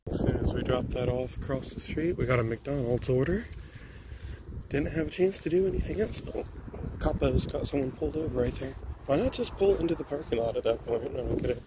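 A man's voice: medium pitch, animated, a little fast. A man who drives food deliveries, chatting and telling stories as he drives, and laughing often. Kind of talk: casual vlog narration. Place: in a car. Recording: car road noise.

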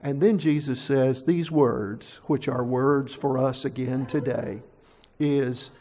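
A middle-aged male pastor preaching a sermon, telling the story plainly and leaning on key words with louder and softer delivery. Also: mid-range voice, steady tone, slow, a little hiss or hum. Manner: storytelling preacher, varies loudness for emphasis.

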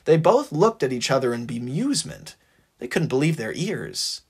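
A narrator reading a fan-written story aloud in an expressive, animated way. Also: mid-range voice, moderate pace, gravelly, husky.

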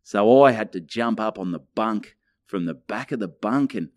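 A man's voice: fairly low pitch, moderate pace, a little mellow, dry recording, studio quality. A young Australian man co-hosting a podcast, rambling through a crude anecdote and acting out the lines people said. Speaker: podcast co-host. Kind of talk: casual storytelling chat. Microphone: studio mic.

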